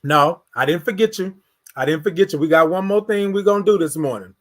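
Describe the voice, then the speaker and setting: A man's voice: fairly high pitch, fairly quick, fairly bright tone. A man hosting a motivational morning show, talking in a repetitive, preacher-like, encouraging way. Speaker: host.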